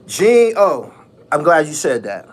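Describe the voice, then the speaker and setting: Animated, mocking man on a vlog rant. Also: fairly high pitch, slow pace, husky. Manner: animated, mocking, repeats phrases, laughs often. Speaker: channel host.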